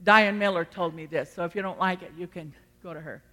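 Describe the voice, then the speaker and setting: A woman preacher delivers a sermon with a bright, forceful voice. She builds to loud, repeated declarations and then drops to hushed, chatty asides. Long church hall reverb trails every line. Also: lowish voice, brisk. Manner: swings from loud exhortation to quiet asides. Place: church sanctuary.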